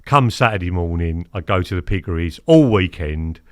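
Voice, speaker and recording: Low-voiced man in his fifties. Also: normal speed, dry recording, clean studio sound. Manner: animated, acts out quotes, keeps asking "do you know what I mean?". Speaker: guest. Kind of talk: casual storytelling interview.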